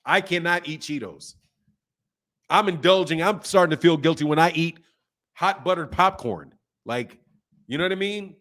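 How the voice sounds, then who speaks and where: A man in his fifties chats on a live boxing stream, thanking viewers and riffing in loose slang. His voice sits a little high for a man, and he laughs often as he talks. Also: moderate pace, pauses often, a bit bright. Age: 50s. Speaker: boxing channel host. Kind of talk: casual live-stream chat.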